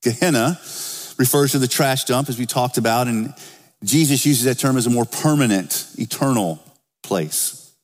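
Male pastor, mid-pitched, conversational sermon, lifts up for scripture readings, long church reverb. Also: normal speed. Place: church sanctuary.

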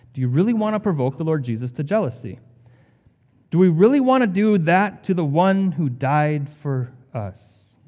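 A man's voice: a little high, mellow, in a large hall. A male pastor delivering a sermon in a conversational way, with sarcastic asides.

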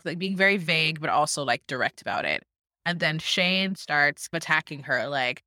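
A woman's voice: low voice, expressive, moderate pace, sharp tone, no room sound, studio quality. Chatty woman recapping a show. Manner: chatty storytelling, acting out quotes. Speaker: podcast co-host. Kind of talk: casual chat recapping a show.

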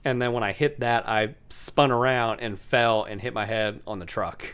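A man's voice: mid-range voice, steady tone, moderate pace, fairly bright tone, a little hiss or hum. A young man telling rambling, profane stories in casual chat, laughing often. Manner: rambling storyteller, laughs a lot, swears freely.

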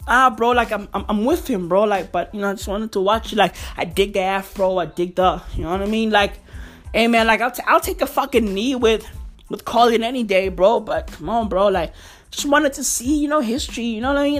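A man with a fairly high voice rants to his camera about football. He swears at every turn and calls everyone bro, and he piles up repeated words when he gets worked up. Soft music plays faintly under him. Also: brisk. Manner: excitable, swears constantly, repeats words and says bro a lot. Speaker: vlogger and football fan. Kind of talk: casual profane rant to camera.

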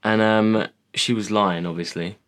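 Rambling sweary man, lowish voice. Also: fairly even intonation, measured pace, a bit bright. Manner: rambling and sweary, lots of fillers. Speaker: podcast co-host. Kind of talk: casual chat.

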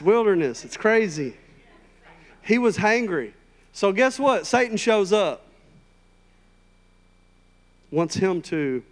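Man, sermon, conversational and emphatic, bit high-pitched, church sanctuary. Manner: emphatic, conversational, rising to loud high peaks. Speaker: preacher. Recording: long hall reverb.

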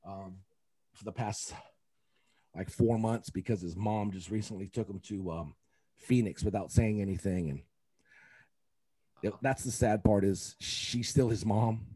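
A man's voice: lowish voice, measured pace, long pauses, warm tone, slightly rough, no echo. A man, a youth coach, talking in a casual podcast chat, rambling and emotional with many fillers and restarts.

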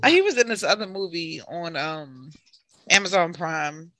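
A woman chatting casually as a co-host, animated and laughing often. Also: fairly low pitch, normal speed, crowd noise. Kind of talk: casual chat.

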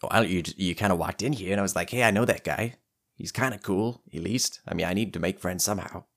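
A man's voice: deep voice, fast. A man voicing a laid-back, friendly male goblin with an easygoing drawl in a tabletop game. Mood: mellow.

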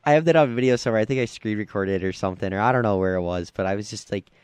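A man's voice: lowish voice, racing, darkish tone, clear, resonant tone, no echo. A man hosting a casual sports radio show from a college radio studio, rambling with lots of fillers in an affable way.

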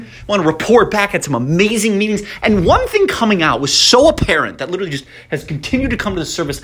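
A young man hosting his own podcast in an upbeat, excitable way, full of fillers and slightly out of breath from pacing. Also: high-pitched, fast talker, hardly any pauses, slightly rough. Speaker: podcast host. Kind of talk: casual solo podcast monologue.

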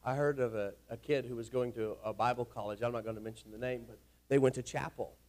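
A man preaching a sermon to his congregation in a church, with a folksy, rousing manner that often rises to shouting. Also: medium pitch, fairly even intonation, fast talker. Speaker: pastor. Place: church sanctuary.

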